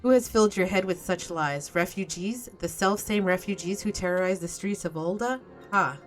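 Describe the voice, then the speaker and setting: A woman's voice: on the low side, normal speed, soft background music, lightly acted. A woman voicing a scheming male merchant villain, haughty and indignant in a theatrical way.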